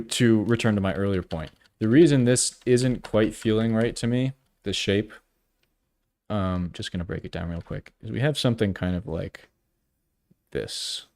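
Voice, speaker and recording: A man in his early thirties with a somewhat low voice muses half to himself as he sketches, stopping and restarting his thoughts. He drops wry jokes at his own expense. The sound is close and dry, with no room around it. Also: darkish tone, no echo. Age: 30s. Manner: halting, self-questioning, trailing off often; wry self-deprecating humor. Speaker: artist streaming live. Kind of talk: casual think-aloud commentary while drawing.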